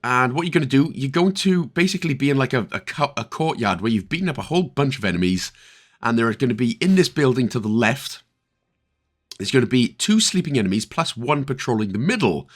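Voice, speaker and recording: Chatty Northern Irish man, lively pitch. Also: a little fast. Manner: chatty, with jokey asides and mock exasperation. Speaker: video game guide creator. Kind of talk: casual gameplay walkthrough commentary.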